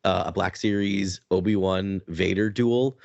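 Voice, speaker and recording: A man co-hosting a fan podcast in casual chat, rambling and excitable, restarting his sentences often. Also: deep voice, measured pace, gravelly, no echo, lo-fi sound. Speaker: podcast co-host.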